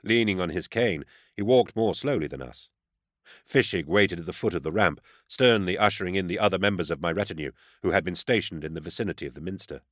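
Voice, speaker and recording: A man reading a first-person audiobook in a steady, even storytelling manner. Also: low-pitched, a little fast, no room sound, studio quality. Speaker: audiobook narrator.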